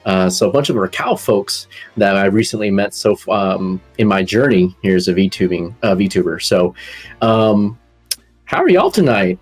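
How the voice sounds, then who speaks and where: A man's voice: on the low side, expressive, husky, soft background music. Upbeat chatty male stream host. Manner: chatty, upbeat, fills pauses with uh and um. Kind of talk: casual live-stream chat.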